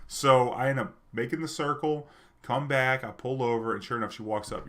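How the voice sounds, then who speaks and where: Man, casual storyteller, bright forceful tone, medium pitch, lots of fillers. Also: moderate pace. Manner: chatty, loose, full of fillers and restarts. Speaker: streamer and storyteller.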